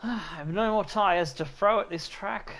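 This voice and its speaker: An Australian man hosting a racing game stream, excitably thinking aloud to his viewers as he drives. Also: high-pitched, unhurried. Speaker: gaming channel host. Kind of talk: live gameplay commentary. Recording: loud game music behind voice.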